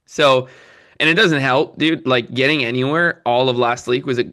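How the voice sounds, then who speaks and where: A man's voice: medium pitch, moderate pace, bright, forceful tone. A man from Northern Ontario, co-hosting a sports podcast, upbeat and chatty with lots of "like". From Northern Ontario, Canada. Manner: upbeat, chatty, says "like" a lot. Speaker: podcast co-host. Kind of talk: casual sports podcast chat.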